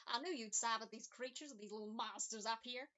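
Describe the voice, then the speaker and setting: Woman playing a taunting, cackling cloaked villain for a tabletop game, high and sharp, all mockery. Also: fairly quick, muffled recording. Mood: sneering. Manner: mocking, sneering. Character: sneering, maniacal cloaked villain.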